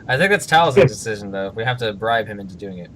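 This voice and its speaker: A man hosting a casual interview, reading out fan questions in a relaxed way. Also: fairly low pitch, quick pace, slight background noise. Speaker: interviewer host.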